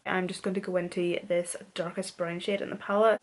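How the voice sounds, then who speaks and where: A woman's voice: on the low side, little pitch movement, a little fast. A young woman with a Northern Irish accent chats her way through a makeup tutorial. She talks in a casual, self-deprecating manner, like she's catching up with a friend. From Northern Ireland. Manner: chatty, self-deprecating, says "wee" a lot. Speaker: beauty vlogger.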